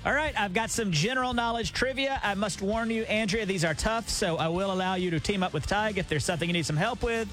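A man co-hosting morning radio, teasing his partner in an exasperated, quick-retort way. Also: high voice, a bit bright, faint music behind. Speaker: radio co-host.

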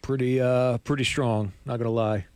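A man's voice: medium pitch, fairly even intonation, moderate pace, darkish tone, clean tone, no room sound. Chatty, laughing sports show co-host man. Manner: chatty, laughs often, rambling asides. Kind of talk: casual sports talk. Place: radio studio.

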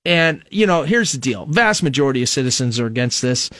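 A man's voice: medium pitch, lively intonation, fairly quick, a bit bright, no room sound, studio quality. A male radio talk show host from Nebraska, giving a rambling, conversational political monologue full of fillers.

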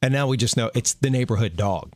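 A man's voice: mid-range voice, lively intonation, fast, dry recording. A man co-hosting a radio show, easygoing and joking in casual chat.

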